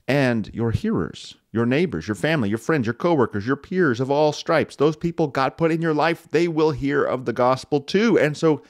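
A man's voice: mid-range voice, dry recording, clean studio sound. A man hosting a devotional radio show as a pastor, preaching in an emphatic voice that swells and drops for emphasis. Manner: emphatic, rising and falling with emphasis, occasional chuckles.

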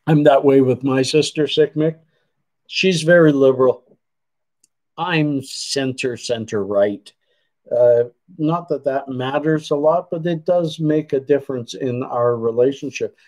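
Guy rambling through viewer comments on his stream, slow easygoing talk, mid-range voice. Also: mid-range voice, darkish tone, poor audio. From Canada. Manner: rambling, chatty, trails off mid-sentence. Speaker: livestream host. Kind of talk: casual livestream chat reading viewer comments. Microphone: computer desk setup.

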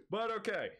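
A man's voice: high voice, background noise. Rambling, laughing young male streamer. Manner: rambling, laughs often, self-mocking. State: hyped on energy drink. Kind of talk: casual stream chat.

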